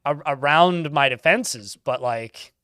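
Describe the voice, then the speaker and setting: A man's voice: fairly high pitch, slow, sharp tone, no echo, studio quality. A man giving casual, chatty commentary while playing a game, laughing often and swearing offhand.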